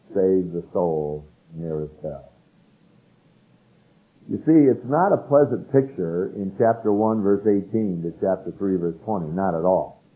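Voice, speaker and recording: An older man from California delivers an earnest, emphatic sermon in a fairly low voice. He leans into key phrases as he reads scripture aloud. The sound is narrow and tinny, like an old radio broadcast. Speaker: pastor.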